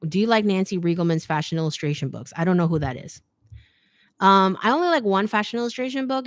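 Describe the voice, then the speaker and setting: A woman in her thirties hosting a live Q&A stream, a chatty, animated storyteller who keeps adding "okay?". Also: medium pitch, dry recording, clean studio sound. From United States. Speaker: host of a fashion design channel. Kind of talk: live Q&A stream, casual chat.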